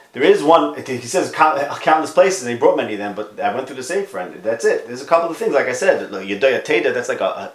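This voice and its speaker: A man giving a conversational Torah lecture on a podcast, stressing some words loudly and dropping to quiet asides, with Hebrew and Yiddish terms mixed in. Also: mid-range voice, roomy sound. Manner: emphatic, swings between loud stresses and quiet asides.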